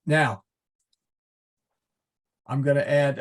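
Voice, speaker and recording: A man teaching a class, explaining step by step in a patient, methodical way with frequent pauses and fillers. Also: mid-range voice, creaky, husky. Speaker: Latin teacher.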